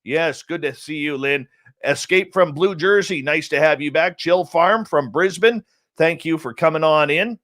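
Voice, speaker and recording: A man's voice: a little high, moderate pace, a bit bright. Upbeat joking man hosting a stream. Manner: jokey, upbeat, rambling roll call with teasing nicknames. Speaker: radio show host. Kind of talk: casual live-stream chat, greeting chat room. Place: home studio in central British Columbia.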